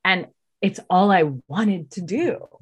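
Candid woman guest, emotional and blunt, swears, climbs high when worked up. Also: takes it slowly, slightly rough. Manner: emotional, swears freely, rises sharply when heated. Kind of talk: candid personal storytelling.

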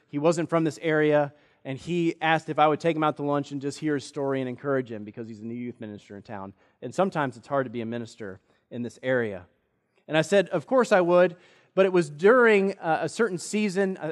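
A male pastor preaching a sermon, telling a personal story in an earnest way. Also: fairly high pitch. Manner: earnest storytelling, quotes others in lively voices. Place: church sanctuary. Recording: long church reverb.

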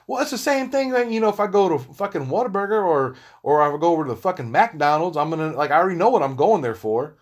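A man's voice: high voice, sing-song, fast talker. A man talking casually to his viewers in a rambling, profane, laid-back monologue. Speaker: vlogger.

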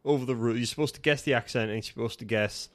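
A man's voice: medium pitch, rapid-fire. A man co-hosting a podcast in casual chat, teasing and playful. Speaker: podcast co-host.

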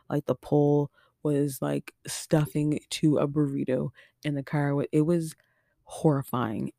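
Woman podcast host, mellow voice with vocal fry, dry close sound, casual rambling storytelling. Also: deep voice, no echo. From Nova Scotia, Canada. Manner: chatty and animated, heavy use of "like", acts out quotes.

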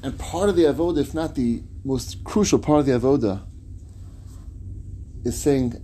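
A man's voice: mid-range voice, lively intonation, normal speed, pauses often, warm tone, breathy edge. A man giving a sermon that moves from story into earnest, emphatic teaching, with Hebrew religious terms.

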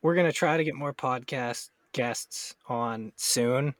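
A man with a somewhat nasal, mid-pitched voice co-hosts a loose podcast chat, rambling, joking and laughing between his lines. The sound is dry and close, with no room around it. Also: slow pace, no echo. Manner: joking, rambling, laughs often, swears freely. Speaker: podcast co-host. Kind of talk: casual chat.

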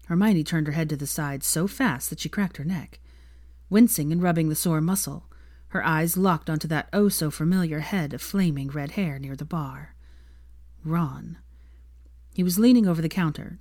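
A woman reading fan fiction aloud in a calm, even storytelling manner. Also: low-pitched, no room sound, studio quality.

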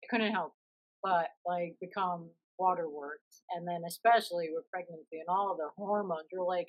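Animated woman telling stories. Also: on the low side, moderate pace, dull audio. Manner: animated storytelling with laughs. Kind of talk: casual conversation.

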